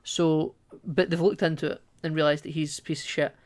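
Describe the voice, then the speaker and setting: A man's voice: fairly high pitch, fairly even intonation, brisk, dry recording. A man co-hosting a podcast, casually retelling a film's plot at length. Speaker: podcast co-host. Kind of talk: casual film recap chat.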